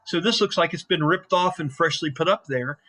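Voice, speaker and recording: A man's voice: a little high, brisk, sharp tone. A man running a tabletop game as game master, narrating in a rambling, casual way with many fillers.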